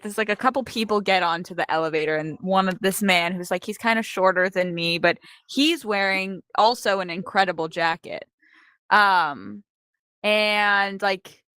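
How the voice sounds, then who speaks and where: A young woman co-hosting a casual chat, telling a rambling story full of fillers and quick laughs. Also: medium pitch, pushed and bright, smooth, no echo. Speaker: co-host.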